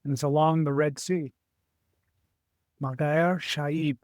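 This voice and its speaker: A middle-aged man, an author and adventurer, is the guest on a casual interview show. His voice sits a little high, with no echo, as he animatedly acts out what others said, his sentences often halting and starting over.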